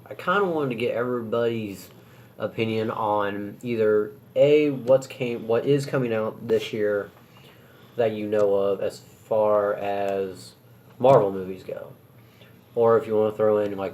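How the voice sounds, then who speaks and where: A young man co-hosting a podcast, talking in a relaxed, rambling way with lots of fillers. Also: lowish voice. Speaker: podcast co-host. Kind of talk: casual chat.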